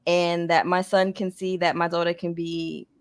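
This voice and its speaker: A woman's voice: on the low side, level tone, normal speed. A woman talking earnestly about her kids and fandom in a casual group video chat. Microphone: video call.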